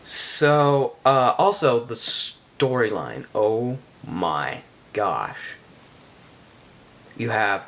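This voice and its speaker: A man giving a casual spoken game review, rambling and halting with many restarts. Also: lowish voice, sing-song, a bit bright.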